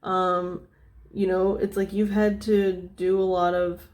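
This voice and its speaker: A woman giving a casual tarot reading, thinking out loud with lots of fillers and restarts, often dropping to a soft, near-whispered tone. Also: fairly low pitch, little pitch movement, slow pace. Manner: meandering, thinking aloud with many fillers. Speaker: tarot reader.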